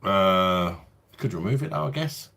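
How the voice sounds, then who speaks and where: A man's voice: low voice, animated, unhurried, creaky, pushed and bright. A man in his late thirties with a London accent, chatting casually on a beer review livestream and answering viewer comments in a laid-back way. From London, England. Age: 30s. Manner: laid-back, chatty, says mate a lot.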